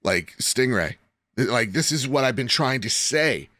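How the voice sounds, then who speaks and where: A young man co-hosting a casual podcast, talking in an animated, rambling way and laughing often. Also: medium pitch, a little slow, dry recording, studio quality. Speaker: podcast co-host.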